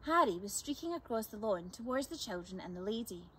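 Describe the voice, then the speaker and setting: A woman reading a chapter book aloud for children, with expressive, lively narration. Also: mid-range voice, brisk, slight background noise. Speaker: storyteller.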